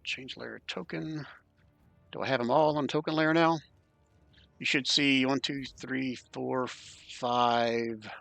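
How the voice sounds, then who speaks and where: A man running an online tabletop game as dungeon master, counting moves aloud and tossing in quick asides. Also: medium pitch, steady tone, creaky, fairly bright tone, dry recording, faint music behind.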